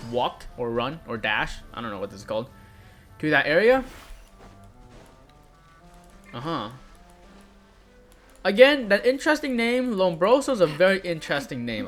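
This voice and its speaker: A young man with a high, bright voice records a game playthrough at a desk mic. He reads the characters' dialogue aloud with light voicing and drops puzzled asides in between. Faint game music plays underneath. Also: sing-song, moderate pace, long pauses. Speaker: gamer. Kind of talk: let's play commentary, reading game dialogue aloud.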